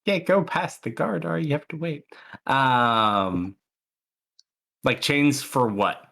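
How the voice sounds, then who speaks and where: Bright-voiced young man running a game. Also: mid-range voice, takes it slowly, gravelly. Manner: loose, hesitant, many fillers. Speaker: game master. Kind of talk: casual tabletop narration.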